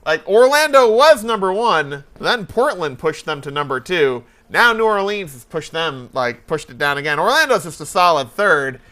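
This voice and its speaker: A talk show host with a slightly high voice chats casually at a moderate pace, pausing little. He rambles through animated stories, full of hesitations.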